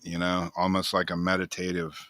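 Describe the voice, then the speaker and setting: A man's voice: low-pitched, fairly quick. A man co-hosting a casual talk show, telling a story in a loose, profane way and laughing often. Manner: profane, laughing, animated retelling. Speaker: co-host.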